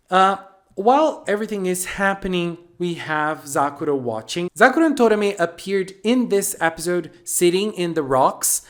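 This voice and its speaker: A channel host giving a casual, chatty recap of an anime episode, playful and lively, with sassy asides. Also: mid-range voice.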